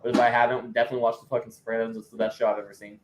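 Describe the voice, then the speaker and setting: A man's voice: medium pitch, flat delivery, very fast. A man chatting casually on a podcast, blunt and profane, often laughing. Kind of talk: casual chat. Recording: roomy with faint noise.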